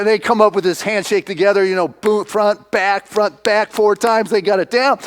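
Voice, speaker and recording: A man's voice: high voice, normal speed, few pauses. A man preaching a sermon, retelling a film in a casual storytelling way, full of fillers. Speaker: minister.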